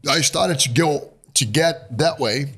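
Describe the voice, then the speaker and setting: A man's voice: fairly high pitch, takes it slowly, a bit bright, husky. A man in his fifties from Brazil, a native Portuguese speaker with a Brazilian accent, telling his story as an interview guest and acting out voices with animation. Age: 50s. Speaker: guest investor.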